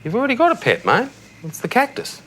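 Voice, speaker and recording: The voice is a man's, extremely high and sharp, swooping wildly in pitch at a quick, exaggerated clip. He's an Australian actor in a TV comedy sketch, playing a blithely tactless middle-aged dad who breezily tucks his son in at night and calls him mate.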